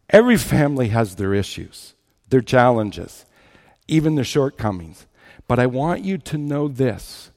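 A man's voice: mid-range voice, lively intonation, slow, a little mellow. Earnest preacher man in a reverberant hall. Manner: earnest, builds with repeated rhetorical questions. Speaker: pastor. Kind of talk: sermon with scripture reading. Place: church service.

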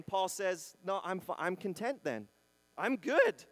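A man preaching a sermon in a conversational style, acting out quotes and swinging between loud bursts and quiet emphasis. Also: sits high, very animated, a little slow, no echo. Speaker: pastor.

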